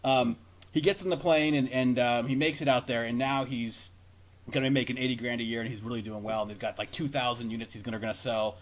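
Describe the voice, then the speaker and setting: A man's voice: mid-range voice, steady tone, fast talker. A man co-hosting a casual chat, telling a rambling story full of swearing and acted-out quotes. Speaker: podcast co-host.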